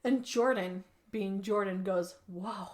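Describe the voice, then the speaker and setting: A woman hosts a relaxed podcast and retells a film scene by scene. Her talk is loose and chatty, full of "like" and casual swearing. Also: medium pitch, moderate pace. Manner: animated storytelling, swears freely, says 'like' often. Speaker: podcast host. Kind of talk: casual movie recap chat.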